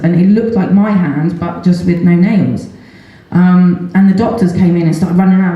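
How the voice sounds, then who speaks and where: Middle-aged woman, candid storyteller, warm low voice, booming echoey hall. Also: fairly even intonation, moderate pace, muffled recording. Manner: earnest and candid, with nervous laughs and many ums. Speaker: seminar speaker, mother of patient. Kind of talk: personal story told in a public talk. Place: large event hall at a festival seminar.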